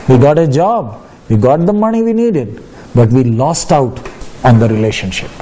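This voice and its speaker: A man's voice: medium pitch, mellow, slight background noise. A male preacher giving a sermon, reading scripture aloud and questioning his listeners with emphasis.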